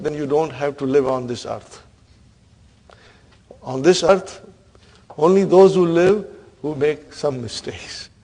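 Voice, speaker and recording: A man leads an Arabic grammar class in a slightly high, gravelly voice. He drills the terms over and over and keeps checking with a quick "huh?". He encourages students who get answers wrong. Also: a little mellow. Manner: quizzing students, repeating terms, frequent "huh?". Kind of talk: classroom lesson.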